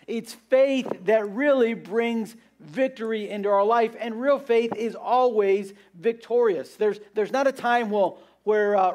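A man's voice: high voice, a little mellow. A man preaching a sermon, earnest and repeating his points for emphasis.

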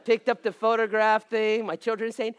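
Brief: male pastor, thirties, high voice, dry close sound, comic sermon story. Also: moderate pace, clean tone, no room sound, muffled recording. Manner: animated, self-mocking, acts out voices.

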